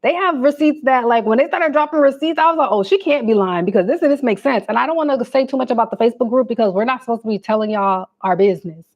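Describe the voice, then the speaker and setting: A young adult woman hosting a casual livestream, chatting straight to her viewers in animated, slangy talk. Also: a little high, fast, few pauses. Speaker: livestream host.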